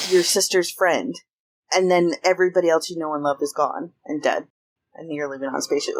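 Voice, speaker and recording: Her voice is fairly low, and there's no room sound in the recording. She's one of the hosts of a podcast, chatting casually about a movie and summarizing its plot with lots of fillers.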